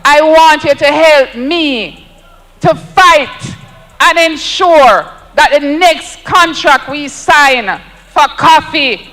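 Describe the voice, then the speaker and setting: A man's voice: extremely high pitch, bright, forceful tone, long reverb tail, rough recording. A Jamaican man giving an emphatic, rousing campaign speech at an outdoor rally, repeating lines for effect. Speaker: political speaker at a rally.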